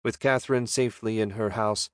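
A man reading a first-person audiobook narration in a steady, measured way. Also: fairly low pitch, dry recording, clean studio sound.

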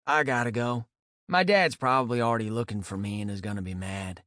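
A man's voice: medium pitch, a little fast, a bit bright, no room sound, studio quality, natural voice. A man voicing a casual, teasing teenage boy in an audiobook, with a playful, easygoing delivery.

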